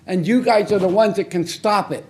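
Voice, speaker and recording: A man's voice: high voice, moderate pace. A man speaking during public comment at a city council meeting, angry and accusing, repeating himself in short, blunt phrases into a podium microphone. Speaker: member of the public giving comment.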